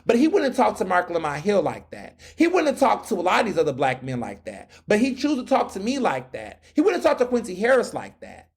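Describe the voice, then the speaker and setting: A man in his thirties hosting a solo commentary podcast, talking in a sassy, animated way, firing back mocking retorts. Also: sits high, fairly quick, creaky, hardly any pauses, breathy edge. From United States. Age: 30s. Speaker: podcast host.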